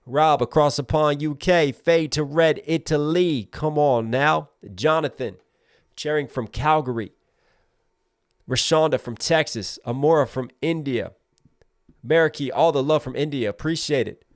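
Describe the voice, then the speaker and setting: A man in his thirties from Maryland, hosting a live stream, rattling off viewer shout-outs at speed before closing with a calm, reflective message to his audience. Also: a little high, no echo, clean studio sound. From Maryland, USA. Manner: rapid roll-call of viewer names, then slower and reflective. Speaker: livestream host.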